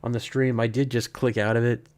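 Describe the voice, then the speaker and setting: A man's voice: medium pitch, level tone, brisk, darkish tone, dry recording. Rambling male streamer, dry close sound. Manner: rambling, self-correcting, chuckles often. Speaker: streamer, horror story reader. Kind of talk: casual live-stream chat.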